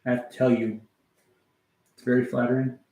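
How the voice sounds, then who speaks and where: A man's voice: medium pitch, level tone, a little fast, dark tone. A man chatting casually on a music livestream, rambling and meandering, swearing offhandedly and answering his chat as he goes. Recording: echoey room.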